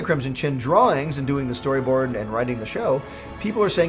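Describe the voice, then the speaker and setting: Animated man telling a jokey story. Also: medium pitch, fairly quick, faint music behind. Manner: animated, jokey, self-mocking. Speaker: cartoon creator telling a story. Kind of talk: casual storytelling vlog.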